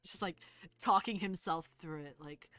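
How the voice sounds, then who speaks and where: A woman narrating a tabletop game as game master in a relaxed, amused way. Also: fairly low pitch, normal speed, no echo, soft background music.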